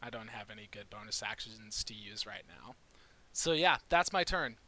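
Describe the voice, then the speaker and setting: A man's voice: fairly low pitch, animated, normal speed, sharp tone. A man playing a tabletop game, explaining his turn in a playful, profane way. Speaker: player. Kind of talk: casual tabletop game chat.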